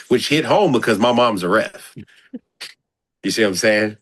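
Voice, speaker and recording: Male coach guest, deep voice, dry sound, casual, animated and slangy. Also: normal speed, dry recording. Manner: animated, slangy, repeats phrases. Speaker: basketball coach. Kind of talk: casual interview chat.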